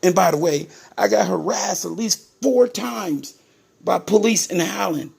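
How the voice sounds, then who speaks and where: A man with a high, gravelly, husky voice tells his own story to his viewers. He is indignant and emphatic, keeps calling out to them and repeats words for stress. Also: unhurried, darkish tone.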